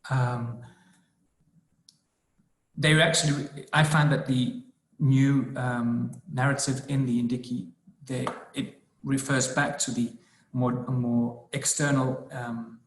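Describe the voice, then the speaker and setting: A man's voice: mid-range voice, level tone, slow pace, reverberant, low-quality recording. A man presenting a policy brief in a webinar, speaking hesitantly with many fillers and restarts. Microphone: video call.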